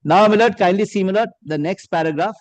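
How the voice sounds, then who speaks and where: A man's voice: high-pitched, fairly quick, no room sound, rough recording. A man with arguing as an advocate in a courtroom, deferentially reading documents aloud to the bench. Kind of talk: courtroom argument.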